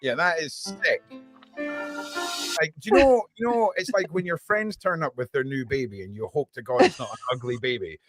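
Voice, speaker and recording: A man's voice: on the high side, lively intonation, normal speed, a bit bright, dry recording, soft background music. A man co-hosting a podcast in casual chat, talking bluntly and rambling with no filter. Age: adult, with a daughter. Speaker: podcast co-host.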